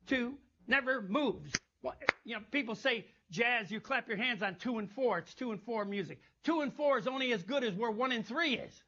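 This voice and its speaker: A man teaching a jazz masterclass, coaching a band and scatting rhythms in an animated way, on a muffled lo-fi recording. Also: very high-pitched. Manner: animated, scats rhythms and chants phrases. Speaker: jazz instructor.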